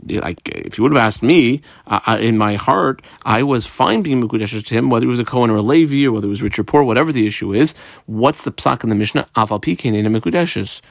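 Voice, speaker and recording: A man's voice: medium pitch, gravelly, dry recording, clean studio sound. A man giving a Talmud lesson who reads the Aramaic text aloud and translates it phrase by phrase, adding explanations with frequent fillers. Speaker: Talmud teacher.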